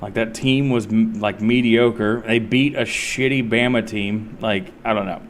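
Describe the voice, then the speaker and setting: A man's voice: lowish voice, fairly even intonation, a little slow, slight background noise. A man streaming a game and chatting casually, rambling and swearing freely. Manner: rambling, profane, laid-back. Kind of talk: casual chat while gaming.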